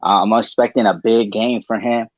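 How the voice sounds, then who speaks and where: A man's voice: on the low side, steady tone, moderate pace, no room sound, muffled recording. A man guest in a casual podcast chat, confident and laid-back.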